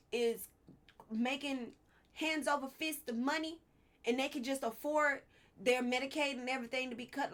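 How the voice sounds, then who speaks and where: A woman vlogger giving casual political commentary, candid and heated, swearing and drifting into personal asides. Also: a little high.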